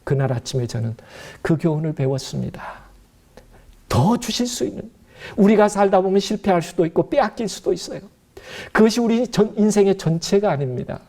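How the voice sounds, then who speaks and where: A man preaching to his congregation at a very quick clip. His voice is mellow and dark, a little higher than most men's, and he addresses the listeners earnestly and directly. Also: expressive. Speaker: pastor. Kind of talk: sermon.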